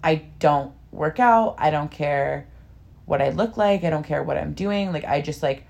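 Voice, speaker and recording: A young woman in casual podcast chat, her voice sitting on the low side. She rambles and speaks frankly, with lots of fillers. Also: a little slow, gravelly, darkish tone, muffled recording. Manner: rambling, filler-heavy, candid. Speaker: podcast co-host.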